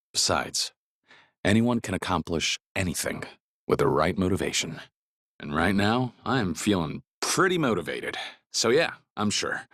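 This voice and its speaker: A gruff but kind middle-aged ex-yakuza from a video game, with a very deep voice that still moves expressively through its pitch. He talks plainly and steadily, recorded close and dry in a studio booth. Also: no room sound, full character voice. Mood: encouraging. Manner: plainspoken, steady, low-key. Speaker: voice actor.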